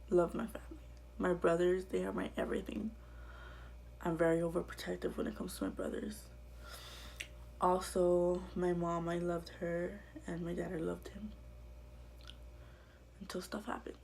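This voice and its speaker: Woman vlogger, low gravelly voice, halting and hushed, faint hum behind. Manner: halting and quiet, often dropping to a whisper. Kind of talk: personal life story told to camera.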